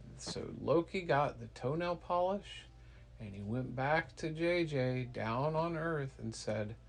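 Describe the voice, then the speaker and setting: A man telling a playful bedtime story to his child, slow with hesitant fillers. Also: mid-range voice, gravelly, slightly rough. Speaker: parent storyteller.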